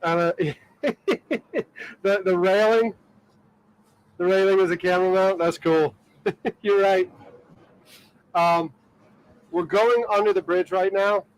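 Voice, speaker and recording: A high-pitched Ohio man streams live from a boat, speaking slowly with long pauses and fairly even intonation. His talk rambles, is full of fillers and "like"s, and is broken up by frequent laughter, all in a low-quality recording.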